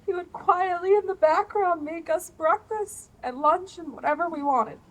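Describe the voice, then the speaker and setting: A woman with a high voice speaks at an outdoor rally about her husband. Her delivery is soft, personal and emotional. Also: normal speed, low-quality recording. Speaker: wife of the detained man.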